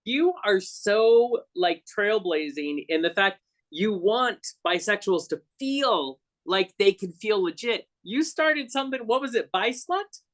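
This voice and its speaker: A man's voice: sits high, lively intonation, a little slow, fairly bright tone. A man hosting a podcast interview, chatting casually and affirming his guest. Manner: supportive, brief affirmations. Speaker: podcast host.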